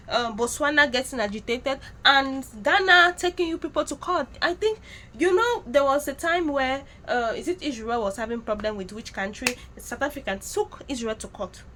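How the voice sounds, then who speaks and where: A woman's voice: high voice, bright, forceful tone, slight background noise. A woman vlogger talking straight to her viewers, direct and scolding. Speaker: YouTube commentator. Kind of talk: vlog commentary to viewers.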